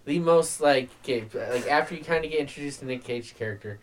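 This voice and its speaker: A man's voice: medium pitch, brisk, low-quality recording. A man on a podcast, bluntly complaining about a bad movie with plenty of profanity. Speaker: podcast co-host. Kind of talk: casual movie review chat.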